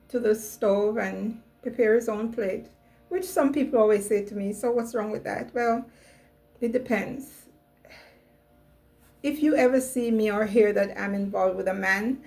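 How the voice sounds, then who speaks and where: A woman's voice: medium pitch, creaky, a little mellow, rough recording. A middle-aged woman hosting her own channel, giving a chatty, musing monologue on relationships with many "you know" asides. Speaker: channel host.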